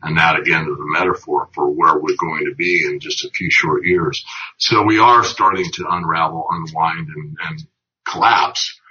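A man's voice: rumbling low, steady tone, normal speed, sharp tone. A middle-aged man as a guest in casual conversation, earnestly rambling through long analogies. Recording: dull lo-fi audio.

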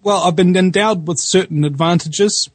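A man with a New Zealand accent talks casually on his own radio show, his fairly high voice leaping about as he chats. He fills pauses with ums and restarts. The sound is close and dry, from a studio mic at home. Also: dry recording. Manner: animated, quick pitch jumps, frequent ums. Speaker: radio talk show host. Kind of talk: casual chat. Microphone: studio USB microphone.

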